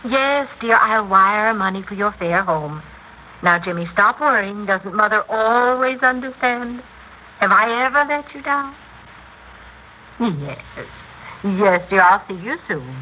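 A woman's voice: mid-range voice, animated, measured pace, natural voice. An actress playing a domineering, possessive middle-aged wife and mother in an old radio drama, imperious and doting by turns. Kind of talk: 1950s radio acting. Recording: tinny old radio recording, faint hiss.

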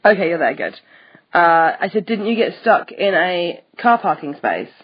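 A woman with a slightly husky voice teases and encourages her co-host in an easy back-and-forth. Her voice comes through muffled video-call audio. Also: lowish voice, sing-song, normal speed. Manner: teasing, encouraging. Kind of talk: casual chat over a video call.

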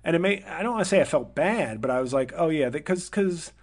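A man's voice: expressive, quick pace. A man hosting a podcast, telling a long personal story in a casual, rambling way, correcting himself as he thinks aloud. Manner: livelier and higher when quoting people. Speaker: podcast host.

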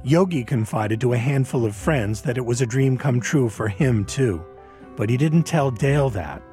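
A man reading scripted documentary narration in a measured, even way. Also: mid-range voice, soft background music.

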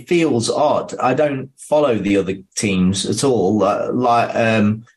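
Male sports-science pundit, 40s, lowish voice, lively and stop-start. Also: takes it slowly. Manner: animated, restarts mid-thought. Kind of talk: casual chat and explanation.

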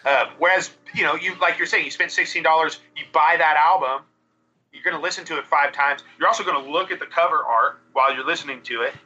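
A man, a band singer guest, talking over a video call in a relaxed, rambling way with fillers. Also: fairly high pitch, fast, lo-fi sound. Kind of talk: remote podcast interview.

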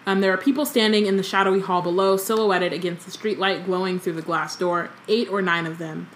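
Reading a novel aloud on a casual book podcast she co-hosts, a young woman speaks in a lowish, steady voice at a brisk clip. She's chatty and keeps stopping for jokey commentary with lots of ums, and there's slight background noise.

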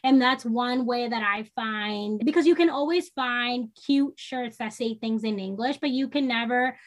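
As a guest on a casual podcast interview, a social worker from New York state speaks earnestly and energetically at a moderate pace. Her voice is a little high, and now and then she acts out the voices of people she quotes.

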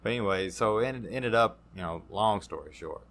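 A man, a podcast guest telling his recovery story in a halting, casual way, full of fillers and restarts. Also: fairly low pitch, a bit bright.

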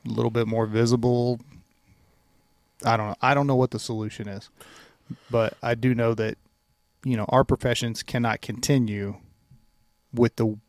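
Co-host guy, mid pitch, slow and thoughtful, kinda unsure, dry mic. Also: gravelly, dry recording. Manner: measured, hesitant. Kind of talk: casual chat.

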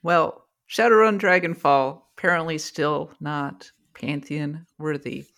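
A woman hosting a podcast in casual chat, playful and quick to laugh. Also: low voice, fairly even intonation, a bit bright. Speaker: podcast host.

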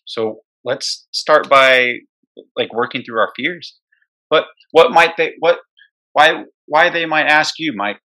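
A man's voice: on the high side, slow pace, sharp tone. A man co-hosting an education podcast, speaking directly and emphatically in casual conversation, sometimes bluntly.

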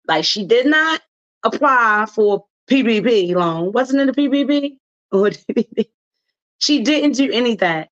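A woman's voice: mid-range voice, a bit bright, dull audio. A woman from Baltimore with a Baltimore accent, hosting talk radio in a loose, chatty way that is full of slang. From Baltimore, Maryland, USA. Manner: chatty, laughs often, loose slangy phrasing. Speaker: radio host. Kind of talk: casual talk radio commentary.

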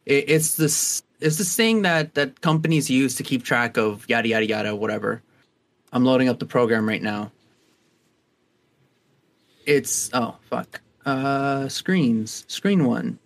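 Unhurried and medium in pitch, this young podcast co-host's voice has a bit of brightness. He keeps the chat casual and rambling, with many fillers and restarts.

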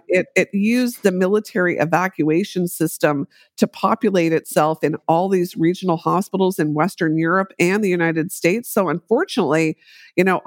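A middle-aged woman telling a story as an interview guest, measured and explanatory, with frequent fillers. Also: on the low side, no room sound, clean studio sound. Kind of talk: conversational interview.

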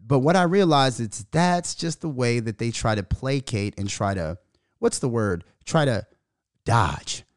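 A man's voice: mid-range voice, lively intonation, unhurried, no room sound, clean studio sound. A man hosting a podcast, ranting in a profane monologue and mocking the voices of others. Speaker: podcast host.

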